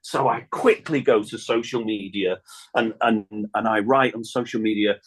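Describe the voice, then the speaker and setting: A middle-aged man, a singer telling a lively anecdote in a radio interview and laughing often. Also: on the low side, moderate pace, husky. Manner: chatty storyteller, laughs often, acts out phone calls. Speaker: guest singer. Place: radio studio.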